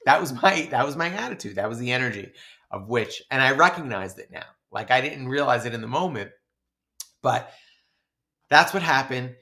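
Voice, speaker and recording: His mid-range voice has a gravelly edge and moves at normal speed. As one of the podcast's co-hosts, he tells a story in relaxed chat, animatedly mimicking his own shouting and laughing along.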